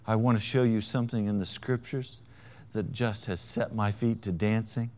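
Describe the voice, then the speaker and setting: A man preaching a sermon, with a wry, self-mocking humor and dramatic swings between hushed and loud delivery. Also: on the low side, steady tone, normal speed. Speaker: pastor.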